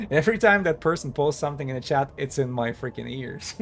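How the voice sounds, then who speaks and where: A man casually talking while he streams a game, halting and chatty, with many fillers and restarts. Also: fairly high pitch, lively intonation, slight background noise. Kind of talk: casual live-stream commentary.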